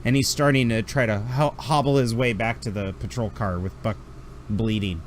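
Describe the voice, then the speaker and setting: A man running a tabletop role-playing game as game master, narrating scenes and reacting to players with animated energy. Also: moderate pace, a little hiss or hum. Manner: animated, laughing, jumps into high character shouts.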